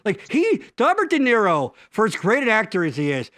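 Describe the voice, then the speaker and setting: Man, middle-aged, high bright voice, lively swings, joking, rambling, crude, stream co-host. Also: fairly quick, dry recording. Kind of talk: casual live stream banter.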